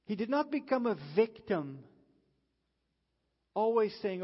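A man preaching a sermon in an earnest way, pausing dramatically as he quotes scripture. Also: sits high, very animated, breathy edge. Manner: earnest, slow, dramatic pauses when quoting scripture. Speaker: pastor. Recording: dull sound with long reverb in a hall.

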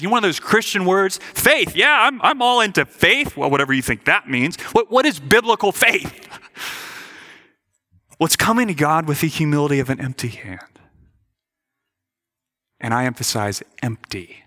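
A man's voice: fairly high pitch, sharp tone. A man preaching a sermon as a pastor, earnest and questioning, often repeating words as he stresses a point.

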